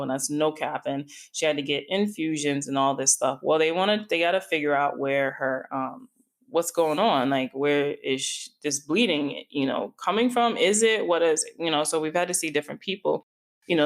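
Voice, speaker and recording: Woman, middle-aged, podcast host, low voice, casual candid storytelling, drifts off on tangents. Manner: chatty, informal, wanders into tangents.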